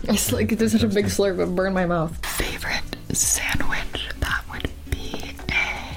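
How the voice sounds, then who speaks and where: A woman's voice: mid-range voice, fairly even intonation, unhurried, creaky. A young woman doing ASMR outtakes in whispered role-play, giggly and goofy, often breaking character. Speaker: ASMR creator.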